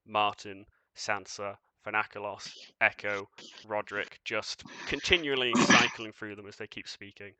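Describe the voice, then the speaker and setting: A man's voice: on the low side, pushed and bright, clear, resonant tone, no echo. A man narrating as game master of a tabletop game, casual and loose, with fillers and chuckles.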